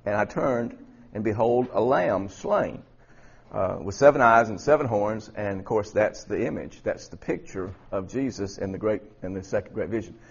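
A man with a husky voice teaching a Bible study class, often repeating words and quizzing his students. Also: on the low side, normal speed, highs cut off.

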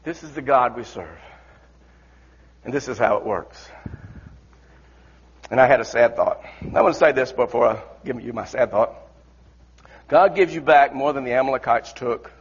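A man's voice: mid-range voice, animated, normal speed, pauses often, breathy edge. A man preaching a sermon in an impassioned, repetitive way, often restarting his words. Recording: dull lo-fi recording.

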